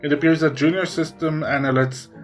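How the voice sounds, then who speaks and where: A cold corporate office system read out by a man that gives flat, bureaucratic notices. The voice sits slightly high and stays matter-of-fact. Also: brisk, faint music behind, close to an everyday voice.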